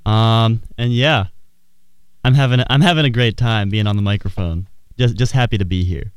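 A man's voice: on the low side, normal speed, clean tone, dry recording. A young man, a college student, chatting casually with friends on a radio show, telling stories with many hesitant fillers. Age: young adult. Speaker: co-host. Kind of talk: casual chat.

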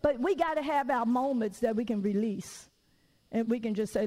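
High-voiced woman preaching with laughter. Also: normal speed, big-room sound, poor audio. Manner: lively, candid, laughing, with rhetorical questions. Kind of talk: conversational sermon.

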